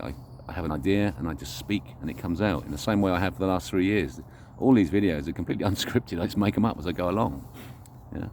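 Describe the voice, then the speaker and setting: Man, deep voice, earnest, musing, unscripted monologue, faint background hiss. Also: darkish tone. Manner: musing, earnest, searching for words. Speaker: vlogger.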